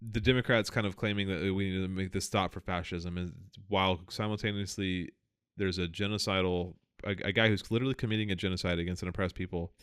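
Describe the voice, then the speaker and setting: A man with a lowish, smooth, resonant voice, talking close to the mic in a dry, dead room. He rambles through casual political chat on a podcast, swearing freely and stopping often to restart his sentences. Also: steady tone, quick pace, a bit bright, no echo. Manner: rambling, profane, many fillers and restarts. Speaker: podcast co-host.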